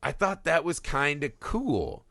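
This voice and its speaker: Male co-host, lively and bright, dry close sound, swears a lot. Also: fairly high pitch, unhurried, dry recording. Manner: animated, swears freely, acts out movie lines while laughing. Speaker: podcast co-host. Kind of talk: casual film discussion.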